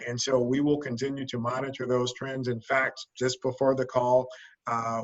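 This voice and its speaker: Man, health official, briefing answers, flat intonation, careful restarts. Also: mid-range voice, muffled recording. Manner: measured, formal, with frequent restarts.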